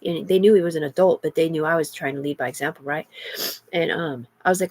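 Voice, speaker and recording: A woman's voice: low-pitched, fairly even intonation, fast. A middle-aged woman in an agitated, rambling livestream monologue, heavy with profanity.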